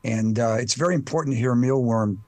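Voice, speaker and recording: An older man with a Chicago accent speaks haltingly, filling his pauses with uh sounds while he searches for words. His voice sits at an ordinary middle pitch, and the recording is dry and close. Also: darkish tone, no room sound. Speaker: actor guest. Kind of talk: casual interview chat.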